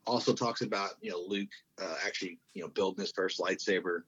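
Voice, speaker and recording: A man's voice: deep voice, steady tone, quick pace, a bit bright, breathy edge. A man in his thirties, chatting casually, rambling with lots of fillers, restarts and swearing. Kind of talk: casual chat. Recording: dull lo-fi sound.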